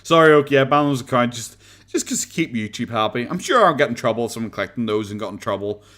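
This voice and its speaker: An Irish man rambles to his livestream chat in a bright, forward voice that swings lively up and down. He swears freely, laughs often and drifts closer to and farther from a desk microphone as he talks. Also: medium pitch, quick pace. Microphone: desk microphone, leaning in and out.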